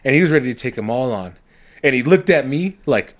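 A young man co-hosting a casual podcast, telling profane stories with lively impressions of the people in them. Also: medium pitch, quick pace. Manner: profane storytelling, animated impressions. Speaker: podcast co-host. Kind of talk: casual chat.

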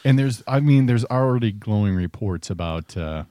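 A man's voice: on the low side, animated, normal speed, warm tone, no room sound, clean studio sound. A man co-hosting a podcast, trading laid-back wisecracks about sports. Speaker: podcast co-host. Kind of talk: casual sports chat.

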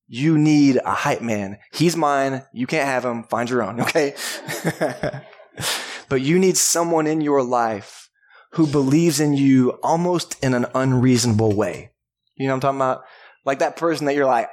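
Animated pastor preaching. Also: male voice, normal speed. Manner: animated preaching, voice climbing high when acting out the hype man. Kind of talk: sermon. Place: church service.

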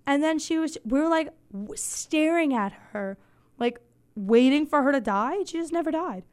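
A woman hosting a podcast in casual chat, her voice soft and fading, rambling and swearing with deadpan jokes. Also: sits high, normal speed. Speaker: podcast host.

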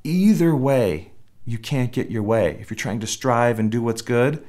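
A man's voice: medium pitch, lively intonation, a little slow, darkish tone. A man preaching a sermon in a conversational way, often restarting phrases and acting out little quotes. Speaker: pastor.

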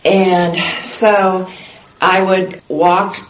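An older woman recalls a memory at an unhurried, leisurely pace, halting now and then with fillers. The recording is roomy and a little dull and lo-fi, as in an oral history interview. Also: lowish voice, flat delivery.

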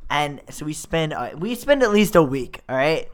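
A man's voice: on the high side, big pitch swings, a little hiss or hum. Playful man riffing in casual chat. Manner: playful, riffing, quick asides.

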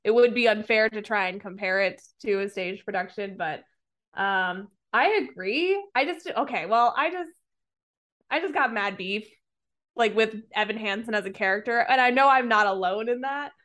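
A woman's voice: mid-range voice, normal speed, fairly bright tone. A woman on a podcast retelling a movie plot in casual chat, rambling with lots of fillers and some swearing. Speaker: podcast co-host reviewing a movie.

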